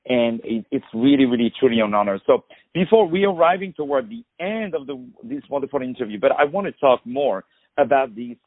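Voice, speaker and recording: A man's voice: mid-range voice, sing-song, no room sound. Effusive French-accented male radio host. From France. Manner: effusive, praising, halting with fillers. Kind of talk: phone interview. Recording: tinny dry phone line.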